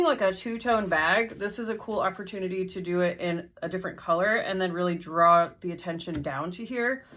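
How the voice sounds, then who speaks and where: A woman's voice: mid-range voice, fairly bright tone. A woman walking through a sewing tutorial step by step, in a friendly, methodical, casual way. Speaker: sewing instructor.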